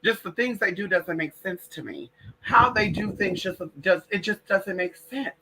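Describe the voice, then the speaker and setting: A woman's voice: medium pitch, animated, moderate pace, bright, forceful tone, slightly rough. A woman hosting a late-night livestream in casual, profane chat, calling her listeners girl and y'all. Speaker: livestream host.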